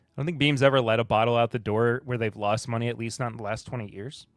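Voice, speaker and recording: A man hosting a casual live podcast, talking in a relaxed, rambling way with fillers, and answering chat comments. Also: mid-range voice, fast, no echo, soft background music. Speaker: podcast host.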